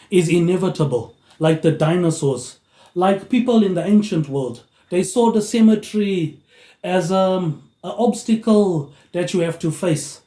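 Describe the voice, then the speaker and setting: A man vlogs in a drifting, loose monologue full of offhand "mate, eh" tags. The slightly high voice has a warm, mellow quality. Since he's using only a phone or tablet without a mic, the recording picks up room echo.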